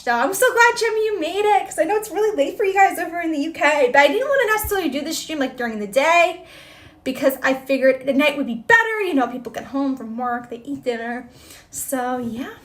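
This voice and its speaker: Woman host, high bright voice, bubbly and exclamatory, chatty live stream with viewers. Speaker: livestream host. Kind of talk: casual livestream chat, reading viewer comments.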